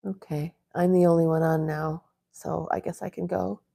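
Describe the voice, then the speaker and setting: A woman's voice: low-pitched, fairly even intonation, moderate pace, creaky, dark tone. A woman hosting a casual live chat from home, chatting along and playfully scolding her dogs. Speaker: livestream host.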